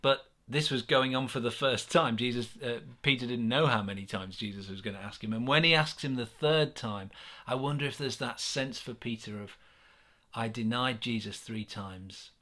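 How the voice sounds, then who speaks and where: A man with an English accent giving a gentle, earnest sermon reflection, with many pauses and restarts. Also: mid-range voice. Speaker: church minister.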